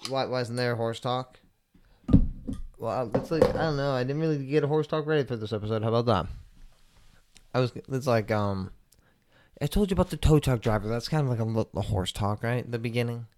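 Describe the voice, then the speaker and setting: A young man hosting a casual podcast, rambling and swearing a lot, stoned and relaxed, with lots of filler words. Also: medium pitch, fairly quick, long pauses. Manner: rambling, profane, laid-back, lots of "like" fillers. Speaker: podcast host. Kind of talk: casual solo podcast chat.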